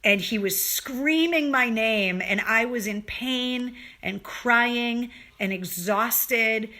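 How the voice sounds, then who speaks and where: A woman talks straight to her viewers on a casual home livestream, earnest and openly emotional. Her voice is bright and forceful, and her sentences stop, restart and pick up salty language along the way. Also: a little high, slow pace. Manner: earnest, emotional, swears freely, rambling restarts. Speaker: livestream show host.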